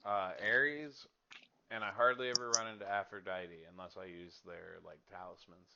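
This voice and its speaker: A man's voice: lowish voice, steady tone, moderate pace, creaky, muffled recording, background noise. A young man hosting a podcast, chatting casually and profanely about a video game with lots of filler words. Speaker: podcast host.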